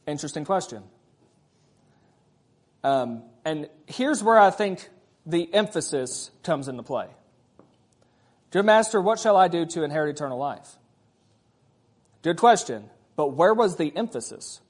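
Male pastor with a high voice, preaching a conversational sermon full of rhetorical questions. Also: expressive, a little slow, pauses often, breathy edge.

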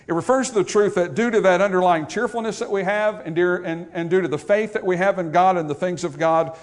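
Male pastor with a slightly high voice, talking through a funeral sermon like a story. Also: a little fast. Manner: conversational, storytelling preacher.

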